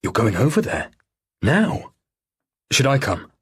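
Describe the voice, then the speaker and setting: Narrator doing a worried husband, hesitant, slightly lifted and breathy, for an audiobook. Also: male voice, medium pitch, wildly swooping pitch, takes it slowly, heavily acted. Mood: uneasy. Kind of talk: audiobook dialogue.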